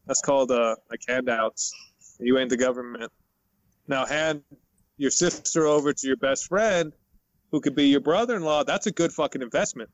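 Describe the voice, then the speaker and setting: A man's voice: medium pitch, normal speed, dry recording, poor audio. A man joking with friends in casual banter, mock-formal and swearing freely.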